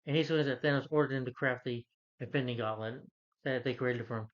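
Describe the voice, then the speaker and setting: A man's voice: mid-range voice, quick pace, highs cut off. A man casually recapping a film's plot, rambling with lots of fillers and self-corrections. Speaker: film reviewer.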